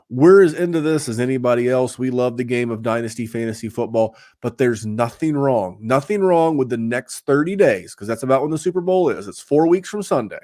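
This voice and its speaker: A man's voice: mid-range voice, a little mellow, dry recording, clean studio sound. Casual man hosting a fantasy podcast. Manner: rambling, with many fillers and restarts. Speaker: podcast host.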